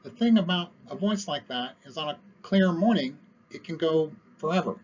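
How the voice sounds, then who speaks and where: A man putting on a high-pitched, nasal voice as an impression of a nineteenth-century orator, projecting it for a lecture. The recording is muffled. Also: expressive, normal speed, darkish tone.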